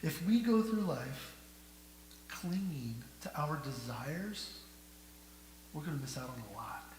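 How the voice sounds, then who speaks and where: A male pastor preaching a sermon, asking the congregation rhetorical questions and moving between hushed and loud delivery. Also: on the high side, animated, slow pace. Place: church sanctuary. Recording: echoey church hall with faint hum.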